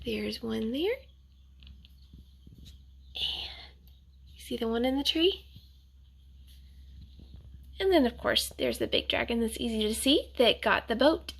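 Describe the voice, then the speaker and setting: Casting: woman storyteller for kids, slow and bright, gentle, higher voice. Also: animated, creaky, slight background noise. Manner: gentle, asks listeners questions, whispered asides. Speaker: storyteller reading to children. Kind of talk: picture book read-aloud.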